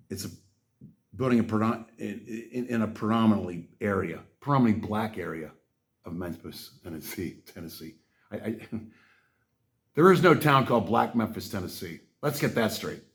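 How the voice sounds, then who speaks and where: A man hosting a podcast, reading aloud and reacting in a ranting commentary, swinging from muttering to angry shouting with heavy swearing. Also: fairly low pitch, vocal fry. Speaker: podcast host.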